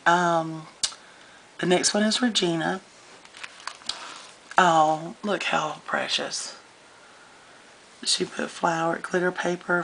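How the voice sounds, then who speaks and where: A woman, chatting warmly and gushing as she shows scrapbook pages in a casual vlog. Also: fairly low pitch, creaky, slight background noise, low-quality recording. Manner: gushing, chatty, easily moved. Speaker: scrapbooking vlogger. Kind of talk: casual show-and-tell vlog.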